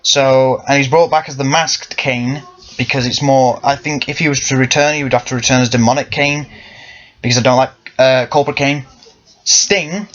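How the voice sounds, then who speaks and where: A man's voice: mid-range voice, fairly even intonation, moderate pace, fairly bright tone. A young man giving casual, rambling commentary on wrestling, often correcting himself. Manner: rambling, with frequent self-corrections. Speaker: wrestling fan vlogger. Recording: lo-fi muffled sound.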